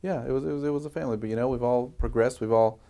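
A man's voice: medium pitch, racing, dark tone. A man co-hosting a casual chat podcast, easygoing and chuckling between remarks. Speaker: podcast co-host, news anchor.

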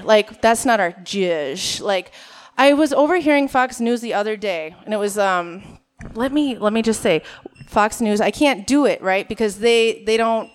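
A stand-up comedian from Minnesota, a woman, nervous on stage and chatting to the crowd in a self-mocking way. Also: on the high side. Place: on stage at a live show.

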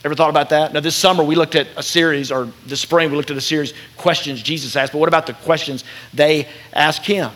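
A man with a fairly high pitch delivers a sermon as pastor, dramatizing the voices he quotes. Tender passages draw him into a soft, unhurried tone.

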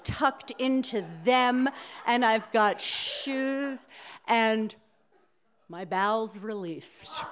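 A middle-aged woman telling a personal story to a live audience, halting and laughing as she goes. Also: a little high, fairly bright tone. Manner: halting, self-interrupting, laughing through the telling. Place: small hall before a live audience.

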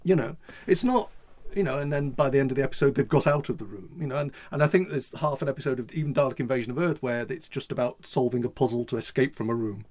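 A man chats casually as a podcast co-host. He rambles and restarts his sentences, filling gaps with "you know" and "I mean," in a voice of middling pitch. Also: fast talker, darkish tone. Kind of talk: casual chat.

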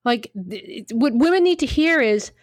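A woman's voice: a little high, lively intonation, normal speed, no room sound. A woman co-hosting a casual talk show, blunt and emphatic, swearing freely as she gives her opinions. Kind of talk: casual chat.

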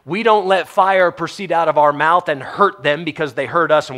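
A man preaching a sermon, telling Bible stories in an animated way, acting out the quotes and laughing often. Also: fairly high pitch, normal speed, hardly any pauses.

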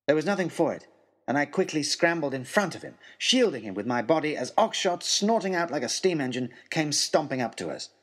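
A man narrating a children's adventure story in a dramatic, expressive storytelling manner. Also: a little high, a little fast.

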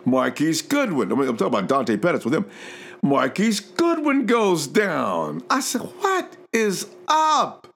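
A man hosting a casual sports talk show, talking excitedly and swinging between low and high pitch. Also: normal speed, creaky, a little hiss or hum.

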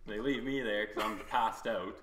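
A man's voice: lowish voice, moderate pace. A young man telling a rambling, laughing story in casual chat, swearing often. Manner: rambling, laughing, heavy swearing, quotes himself. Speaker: podcast guest. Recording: echoey room, background noise.

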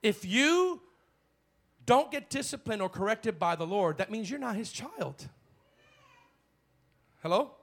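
A male pastor preaching a bold sermon in church, swinging from shouted lines to hushed ones. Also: sits high, very animated, slow, pauses often.

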